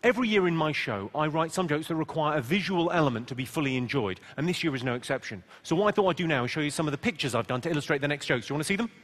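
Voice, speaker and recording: A man with a Southern English accent doing stand-up comedy, deadpan and teasing the audience, in a large theatre. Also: on the high side, very fast, hardly any pauses, noisy background. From England. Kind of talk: stand-up comedy with crowd work. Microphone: stage mic. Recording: live theatre recording with loud crowd laughter. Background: loud audience laughter.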